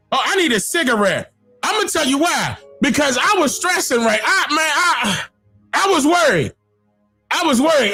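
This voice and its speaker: A man hosting a reaction video, excitedly commenting, exclaiming and shouting, often repeating himself. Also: extremely high pitch, creaky, husky.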